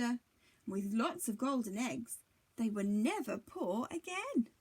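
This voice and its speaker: A teacher reading a storybook aloud to young children in an expressive, dramatic way. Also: female voice, fairly high pitch, takes it slowly, husky.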